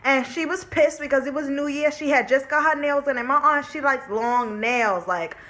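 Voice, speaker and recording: Young woman, high pitch, bright tone, casual storytime, chatty, swears freely. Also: moderate pace. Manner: chatty and candid, swears freely, peppered with "like" and "you know". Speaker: vlogger.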